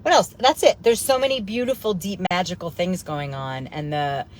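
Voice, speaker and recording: A woman coach chatting casually to her audience, blunt and excitable, swearing freely and wandering off on tangents. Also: lowish voice, normal speed, slight background noise. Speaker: host, coach. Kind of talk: casual live-stream chat.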